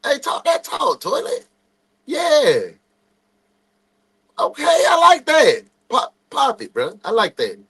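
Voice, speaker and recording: A man, telling stories casually as a reaction streamer, animated and laughing. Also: very high voice, takes it slowly, pauses often. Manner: animated, loud, laughing storyteller. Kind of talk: casual storytelling.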